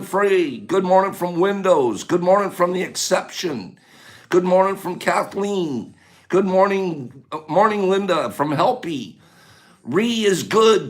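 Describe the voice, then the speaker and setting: A man hosting a casual morning livestream, animated, calling out viewers by name and playfully scolding them. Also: high-pitched. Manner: animated, calls out viewers' names. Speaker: livestream host.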